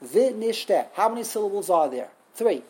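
A woman's voice: medium pitch, expressive, normal speed, darkish tone, breathy edge, low-quality recording. A woman teaching Hebrew grammar in a classroom lesson, emphatic, often repeating herself and sounding out words syllable by syllable.

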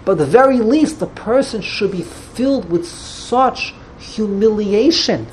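Animated woman Torah teacher who trips over her words when excited and uses plenty of Hebrew terms, at an average pitch. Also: unhurried, hardly any pauses, a little hiss or hum. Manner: animated, jumps into dramatized dialogue with Hebrew and Yiddish terms; frequent restarts and stammers when excited. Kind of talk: Torah lecture.

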